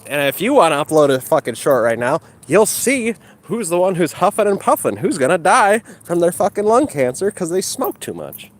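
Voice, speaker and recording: A man's voice: sits high, big pitch swings, normal speed, few pauses. A man ranting and mocking his critics with heavy profanity while he exercises outdoors. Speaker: livestreamer.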